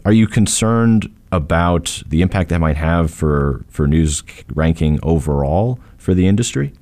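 Deep-voiced man interviewing on radio. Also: animated, darkish tone. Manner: measured, explains for listeners.

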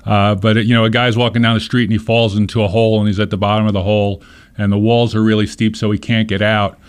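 Low-pitched man, interview guest, earnest and explanatory. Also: flat delivery, fast, clean tone. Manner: earnest, explains with examples and stories. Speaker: nonprofit leader being interviewed. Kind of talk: conversational interview.

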